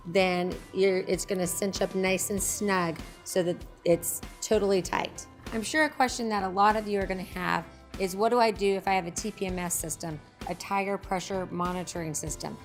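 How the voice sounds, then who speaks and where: Slightly hoarse woman demonstrating a product. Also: mid-range voice. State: a little hoarse. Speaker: host presenting a product. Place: company facility in Texas.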